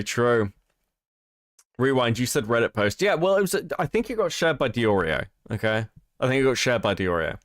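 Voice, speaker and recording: A man giving casual, profane live-stream commentary on chat, animated and laughing often. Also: mid-range voice, no echo, studio quality.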